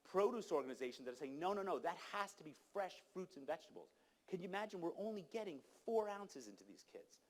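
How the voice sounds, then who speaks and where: Man speaker, fairly high voice, preaching-style urgency at a conference lectern. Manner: urgent, exhorting, storytelling with direct questions to the audience. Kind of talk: impassioned conference talk. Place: conference hall.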